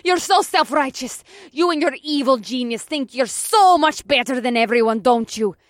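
A woman voicing a cocky, taunting female superheroine foe in an audiobook, mocking in tone and shrill when angry. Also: expressive, normal speed, no echo, clean studio sound. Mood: shrieking.

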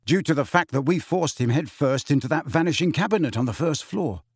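A man's voice: on the high side, expressive, fairly quick, husky, no room sound, clean studio sound. A man voicing a cocky teenage boy prankster who talks coolly and teasingly. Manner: cool, teasing.

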